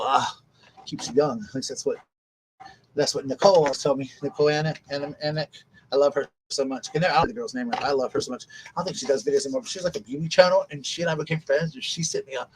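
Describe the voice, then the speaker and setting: A man's voice: mid-range voice, a little hiss or hum, poor audio. A man chatting casually on a home live stream, rambling and often interrupting himself.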